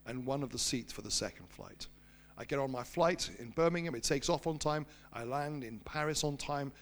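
A man preaching, telling a personal story in an animated storytelling manner and slowing down for emphasis. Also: mid-range voice. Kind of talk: sermon storytelling.

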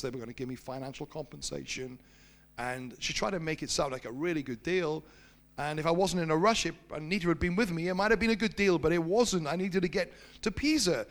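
A man preaching, telling a personal story in an animated storytelling manner and slowing down for emphasis. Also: fairly high pitch, vocal fry. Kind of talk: sermon storytelling.

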